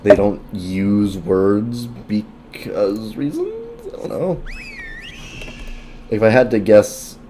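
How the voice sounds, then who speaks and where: A man's voice: lowish voice, mellow, a little hiss or hum. A man streaming a game, talking casually in rambling asides full of fillers. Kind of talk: casual gameplay commentary.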